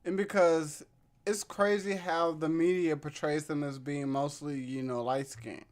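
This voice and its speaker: A man co-hosting a podcast after a few drinks. His voice is a little high, and he stays easygoing and agreeable, swearing casually as he talks. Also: fairly even intonation, a little slow. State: tipsy from whiskey. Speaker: podcast co-host. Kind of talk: casual drunken chat.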